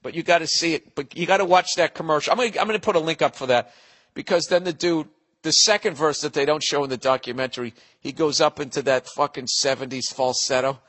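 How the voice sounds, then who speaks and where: A man's voice: on the high side, steady tone, fast, a bit bright, big-room sound. A man hosting a podcast, delivering a profane, digressive comedic monologue. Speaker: podcast host.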